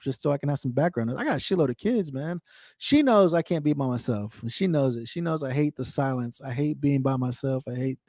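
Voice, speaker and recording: A man's voice: fairly high pitch, warm tone, no room sound, clean studio sound. A man from the United States, in his thirties, hosting a veterans' radio show and talking candidly in a rambling, earnest way that repeats itself. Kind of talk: candid casual talk to a co-host.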